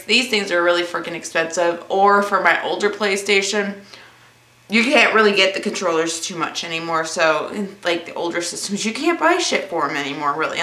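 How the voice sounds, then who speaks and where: Young female vlogger, bright and tense tone, casual and awkward, roomy echo. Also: fairly low pitch. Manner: self-described awkward, rambling, laughs easily. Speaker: vlogger answering viewer questions. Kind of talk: casual Q&A vlog.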